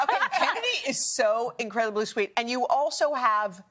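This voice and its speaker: A woman hosting a morning TV show in a studio, bubbly and quick to laugh as she interviews a guest. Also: fairly high pitch, big pitch swings, pushed and bright. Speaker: TV host.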